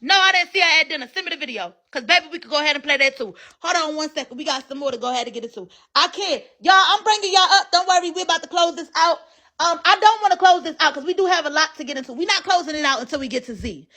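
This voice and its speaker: High, bright-voiced woman streamer, blunt. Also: very fast. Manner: blunt, animated, talks straight to viewers. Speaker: live-stream host. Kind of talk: reaction live stream commentary.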